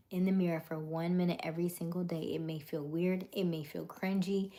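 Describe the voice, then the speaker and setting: Soft-spoken woman in her thirties. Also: on the low side, steady tone, fast, hardly any pauses. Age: 30s. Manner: soft, affirming, drifts into whispers. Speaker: livestream host. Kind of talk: casual late-night livestream chat.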